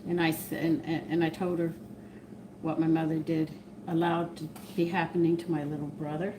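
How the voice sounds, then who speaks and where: Cooking in her home kitchen on a casual live stream, a woman with a Southern US accent keeps drifting off into personal stories. Her voice sits low with little pitch movement and a moderate pace, against a noisy background of clattering dishes and cutlery.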